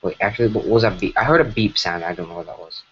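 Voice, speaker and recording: A fast-talking man with a voice on the low side streams himself animating, rambling casually with many fillers and frequent self-corrections. It's picked up by a broken computer mic, so the audio is dull and lo-fi with a little hiss or hum.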